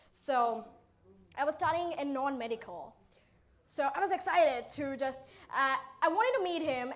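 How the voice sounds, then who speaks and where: Teen girl, Indian English accent, high voice; animated motivational speaker acting out dialogue. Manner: animated, acts out quoted exchanges. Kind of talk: motivational storytelling talk.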